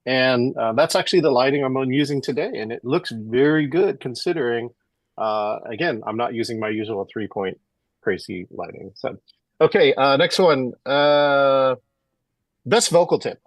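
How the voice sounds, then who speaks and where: A man's voice: medium pitch, animated, normal speed, no echo. Man hosting over a dry video call. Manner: friendly, hesitant with many "uh"s. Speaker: podcast host. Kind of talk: casual interview chat.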